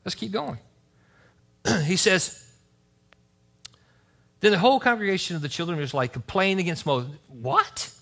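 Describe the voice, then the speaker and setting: Animated high-voiced male preacher. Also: normal speed, gravelly, pauses often. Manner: animated preaching, reads scripture aloud with asides. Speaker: pastor. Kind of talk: sermon. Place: church service.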